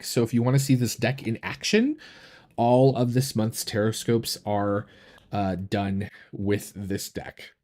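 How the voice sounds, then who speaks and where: Rambling man chatting on a live stream. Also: on the low side. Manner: relaxed, rambling, full of fillers and restarts; enthusiastic about what he shows. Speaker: tarot reader and channel host. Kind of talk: casual live-stream chat.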